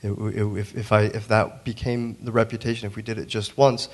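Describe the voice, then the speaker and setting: Earnest halting man telling a story. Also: lowish voice, level tone. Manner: halting, many restarts and fillers, earnest. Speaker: digital printmaker, panelist. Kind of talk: panel discussion storytelling. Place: museum auditorium.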